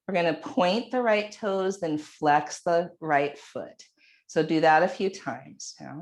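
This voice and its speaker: Slow, low-voiced woman guiding yoga. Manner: calm, unhurried cueing. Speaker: yoga instructor. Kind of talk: guided exercise instruction.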